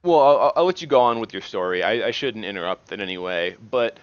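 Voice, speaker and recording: A man giving casual, rambling commentary while playing a game, halting and restarting often and swearing at the game now and then. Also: lowish voice, expressive, clean tone, dry recording, muffled recording. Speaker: gaming video host.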